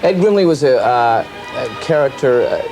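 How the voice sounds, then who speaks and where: A male comedian telling stories in an interview with lively delivery. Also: medium pitch, normal speed, over music. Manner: lively storytelling, slips into voices. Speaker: comedian guest. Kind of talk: interview anecdotes.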